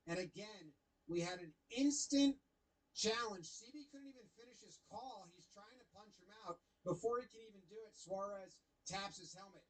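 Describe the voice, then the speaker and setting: A young man casually commentating baseball highlights, animated and playfully mocking the umpire. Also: moderate pace, a crowd in the background, poor audio.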